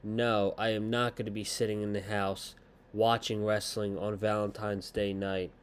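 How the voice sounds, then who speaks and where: A man's voice: on the low side, little pitch movement, moderate pace, smooth. A young man hosting a casual podcast review of a wrestling show, blunt and rambling, swearing casually.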